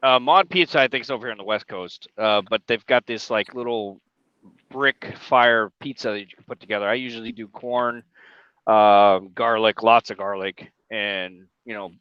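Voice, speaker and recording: A man's voice: on the low side, normal speed, clear, resonant tone, no echo, muffled recording. A man chatting casually and enthusiastically, laughing and exclaiming as he talks. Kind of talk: casual chat.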